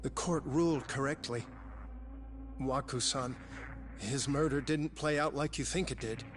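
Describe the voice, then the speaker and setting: A man's voice: medium pitch, measured pace, lightly acted. An actor playing a tense, guilt-ridden male scientist who talks in a hesitant, earnest way, in dubbed game dialogue. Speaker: research scientist. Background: dramatic game music.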